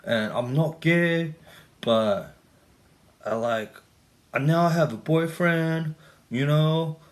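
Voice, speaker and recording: A man voicing a smooth-talking male bar acquaintance with a put-on Latin American accent. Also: on the high side, slow pace, pitched above the performer's own voice. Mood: confiding.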